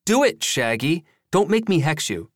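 A man's voice: fairly high pitch, big pitch swings, no room sound, clean studio sound, voice pushed up. A man doing a pushy, joking young guy. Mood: teasing. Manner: pushy, joking, drawn-out words. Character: playful young man teasing his friend.

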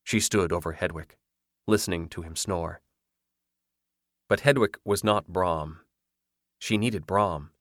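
A man narrating a ghost story in a measured, dramatic reading. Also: low-pitched, no echo, clean studio sound. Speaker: audiobook narrator. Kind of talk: scripted narration.

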